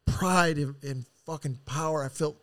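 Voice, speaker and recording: A man telling rough stories as a podcast guest, casual and full of swearing, rambling and acting out what people said. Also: fairly high pitch, moderate pace, fairly bright tone, no room sound, studio quality. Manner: profane, rambling, acts out quotes. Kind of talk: casual storytelling.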